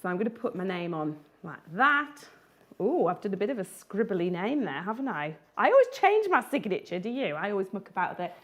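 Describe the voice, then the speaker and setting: A woman's voice: medium pitch, big pitch swings, brisk, highs cut off. A woman who illustrates children's books, giving a chatty, playful live drawing tutorial and laughing often.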